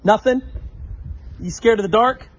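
A young man giving an animated children's sermon, talking straight to the kids and acting out the story. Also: high-pitched, a little slow, muffled recording, a little hiss or hum. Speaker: youth pastor. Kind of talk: children's sermon with object lesson.

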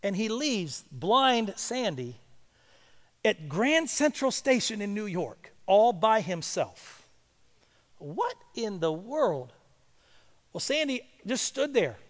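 A male pastor telling a story in a sermon and building to loud, emphatic preaching. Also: high voice, sing-song, slow, long pauses, long reverb tail.

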